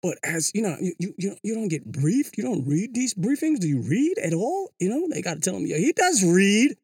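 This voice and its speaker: A vlogger giving a casual monologue commentary. The delivery is animated and sing-song, full of slang, rhetorical questions and repeated words. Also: medium pitch, fairly quick, breathy edge, no room sound, clean studio sound. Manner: slangy, says "yo" and "you know" often. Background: hip hop music.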